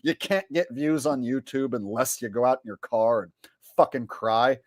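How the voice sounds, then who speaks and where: A man's voice: mid-range voice, normal speed, dry recording, clean studio sound. A man ranting in profane, exasperated commentary as a vlogger and impressionist.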